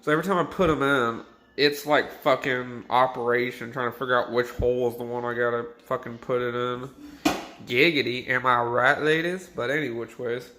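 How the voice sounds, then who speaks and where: A man's voice: medium pitch, fairly even intonation, normal speed, bright, forceful tone, slight background noise. Drunk young guy rambling crudely. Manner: rambling, crude and swearing, laughing at own jokes. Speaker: vlogger. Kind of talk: rambling drunk rant to camera. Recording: echoey room.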